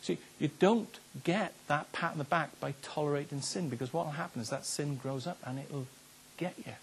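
A man's voice: a little high, moderate pace, a little hiss or hum. An older man, a pastor preaching a sermon in an earnest, conversational way, often repeating his words. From Wales.

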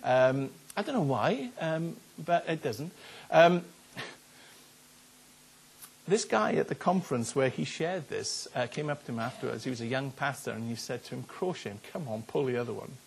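A man's voice: mid-range voice, expressive, moderate pace, gravelly, a little hiss or hum. An older man, a pastor preaching a sermon in an earnest, conversational way, often repeating his words. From Wales.

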